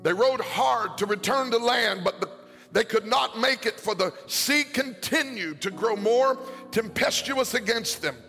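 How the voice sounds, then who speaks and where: A pastor preaching a sermon to a congregation in a large church, his delivery rising into a sing-song cadence and shouted peaks. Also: extremely high pitch, expressive, measured pace, gravelly. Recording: long hall reverb, faint music.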